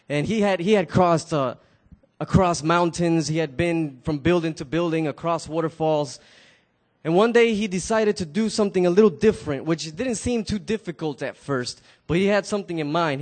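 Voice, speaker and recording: A man telling a story casually to a live audience, often stammering and repeating words and turning to talk to his listeners. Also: on the high side.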